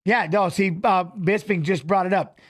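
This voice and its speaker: A man giving casual live commentary on a fight as a watch-along host, animated and coaching the fighters aloud, repeating phrases. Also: sits high, normal speed, dry recording, clean studio sound.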